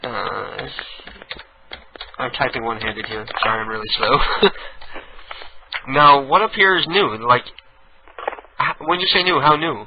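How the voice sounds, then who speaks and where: A man's voice: mid-range voice, unhurried, long pauses, noisy background. A man hosting a prank call radio show, chatting casually with a caller. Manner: laid-back, chatty. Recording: dull lo-fi radio recording.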